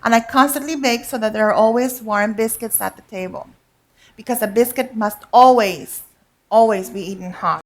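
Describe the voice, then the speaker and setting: A woman's voice: fairly high pitch, moderate pace. A woman cooking instructor giving a live demonstration, chatty and instructive, often checking in with her audience. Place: teaching kitchen before a live audience.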